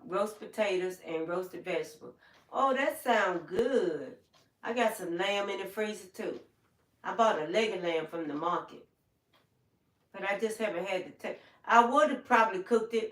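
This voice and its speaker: A woman's voice: mid-range voice, distant mic. An older woman hosting a casual live stream from home, rambling through stories and acting out what people told her. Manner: rambling, storytelling, acts out quoted people. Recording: roomy sound, away from the mic.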